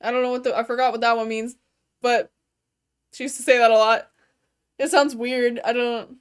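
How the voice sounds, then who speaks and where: A young adult woman streamer chats from her bedroom in a slightly high voice. Her talk is loose, meandering and casual, full of "like" fillers and easy swearing. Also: flat delivery, normal speed, pauses often, clean tone. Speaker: gaming streamer. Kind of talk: casual chat while streaming a game.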